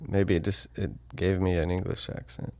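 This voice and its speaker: A man's voice: sits low, little pitch movement, moderate pace, darkish tone, no echo. A man co-hosting a casual podcast chat, chiming in with dry, wry comments. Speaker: podcast co-host.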